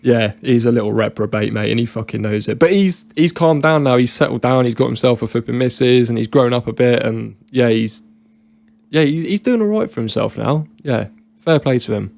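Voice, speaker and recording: A British man tells long, rambling stories on a podcast in a casual, laddish way, with plenty of slang and swearing. His voice sits at an everyday middle pitch. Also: brisk, creaky, a little mellow, dry recording. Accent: British English. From Britain. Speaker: podcast guest. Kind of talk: casual storytelling chat.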